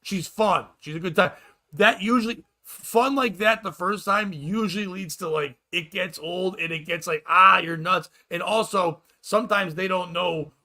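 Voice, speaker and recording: A high, bright male voice riffing in loose comedic banter. He swears freely, jokes sarcastically, and slips into little acted-out quotes as he talks. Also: normal speed. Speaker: podcast host, comedian. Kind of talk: casual comedic chat.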